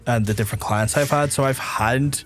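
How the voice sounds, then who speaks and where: A man from Northern Ireland with a softened Belfast accent, chatting casually and teasing his chat while he streams a game, rambling and swearing as he goes. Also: mid-range voice, a little fast.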